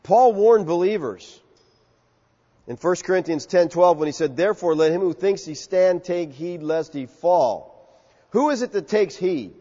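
A man's voice: high-pitched, animated, a little slow, warm tone. A male pastor preaching an expository sermon in an emphatic, conversational way, acting out quotes. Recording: muffled sound with long hall reverb.

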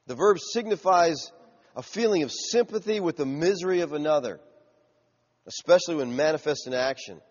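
Animated male preacher in a reverberant hall. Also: a little high, moderate pace. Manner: animated preaching, acting out crowd voices and shouts. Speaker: pastor. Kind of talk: sermon. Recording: muffled sound with long hall reverb.

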